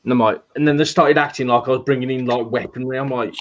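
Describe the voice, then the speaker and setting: A man's voice: mid-range voice, steady tone, fast, slight background noise. A man on a casual podcast panel, telling a story plainly with a wry, complaining edge. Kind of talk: casual banter. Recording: dull lo-fi mic.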